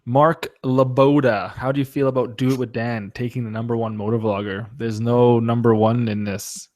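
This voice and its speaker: A man's voice: mid-range voice, little pitch movement, moderate pace, a little mellow, dry recording. A man hosting a casual live-stream chat, joking around, laughing often and reading out viewer comments.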